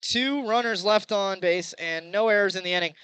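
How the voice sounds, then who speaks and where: Young male play-by-play announcer, bright and crisp, excitable. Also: sits high, moderate pace, dry recording, rough recording. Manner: chatty, excitable, rises on big plays. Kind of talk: baseball play-by-play commentary.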